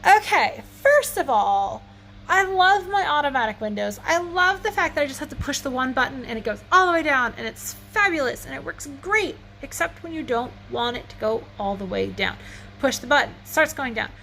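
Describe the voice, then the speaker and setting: Her voice sits high and creaky yet bright, with a forceful tone, lively intonation, and a moderate pace. At home, she chats into her phone for a casual vlog, rambling through a story that mocks herself as she laughs and wheezes a little. A fan runs nearby, its faint hum audible.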